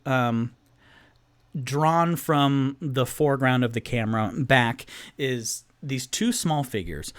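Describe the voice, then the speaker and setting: Slow, rambling male game master. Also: medium pitch, clean tone. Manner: rambling, many fillers and restarts. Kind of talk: solo tabletop game narration.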